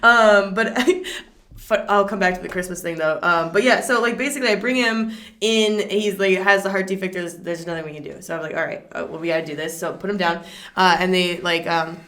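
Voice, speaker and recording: A young woman, a comedian, telling a story in casual chat. She is animated, laughs often and swears freely. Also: lowish voice, fairly quick. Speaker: comedian guest.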